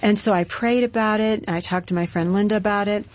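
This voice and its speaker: A woman's voice: medium pitch, fairly even intonation, fairly quick. Woman plainly recounting her testimony. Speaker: guest. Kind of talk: personal testimony in an interview.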